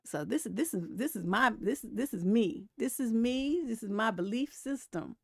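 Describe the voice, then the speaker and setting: A woman's voice: on the high side, lively intonation, normal speed, vocal fry, darkish tone, no room sound, studio quality. A middle-aged woman, a relationship coach, hosting a casual live stream, telling stories bluntly with a lot of profanity and laughter. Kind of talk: casual livestream commentary.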